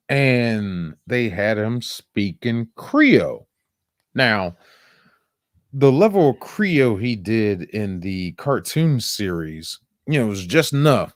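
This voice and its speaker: Brief: male podcast host, lively pitch, unhurried delivery, laughs a lot, swears freely, dry close sound. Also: no echo. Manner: animated, laughing, profane, with lots of quoted voices. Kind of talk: casual movie review chat.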